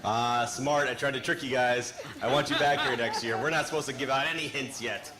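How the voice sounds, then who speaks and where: A man's voice: medium pitch, steady tone, fairly quick. A man hosting a live food judging contest, playful and teasing with the judges.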